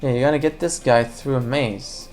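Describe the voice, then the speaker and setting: A woman's voice: rumbling low, fairly even intonation, moderate pace, a little mellow, faint music behind. A woman casually commenting on a puzzle game as she plays, rambling and joking, talking to the viewers and the game characters. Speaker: let's play commentator.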